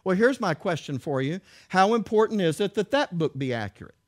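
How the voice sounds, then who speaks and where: A man preaching a sermon in an emphatic way, reading verses aloud and repeating key words with rhetorical questions. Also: high voice.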